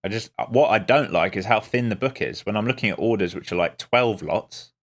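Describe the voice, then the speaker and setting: A man's voice: fairly low pitch, brisk, hardly any pauses. A man streaming live as a day trader, giving casual, wry commentary with muttered asides to his viewers.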